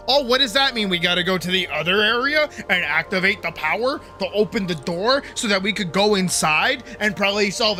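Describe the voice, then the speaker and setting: A man streaming a game live, ranting and swearing loudly at a puzzle and breaking into laughter. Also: high voice. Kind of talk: live gameplay commentary.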